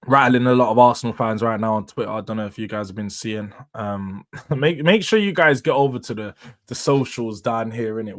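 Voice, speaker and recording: A young man hosting a casual live stream, talking slangy and laughing often as he chats with viewers. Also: mid-range voice. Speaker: livestream host.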